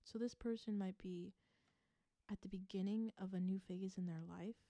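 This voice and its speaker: A woman giving a casual tarot reading, musing aloud with fillers and soft asides. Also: medium pitch, fairly even intonation, normal speed, no echo, muffled recording. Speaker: tarot reader.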